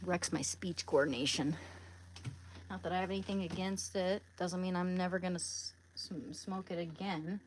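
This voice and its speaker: A woman's voice: lowish voice, fairly even intonation, normal speed, slight background noise. A woman hosting a casual livestream, rambling and stumbling over her words as she reads chat and talks about her day. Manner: coos baby talk at her dog, reads chat aloud. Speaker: livestream host.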